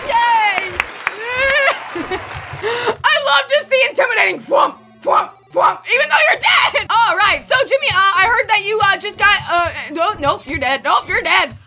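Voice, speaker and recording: A woman doing let's play commentary as a gaming channel host, excitable, with shrieking reactions and jokey running gags. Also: extremely high pitch, unhurried, creaky, faint music behind, a faint crowd.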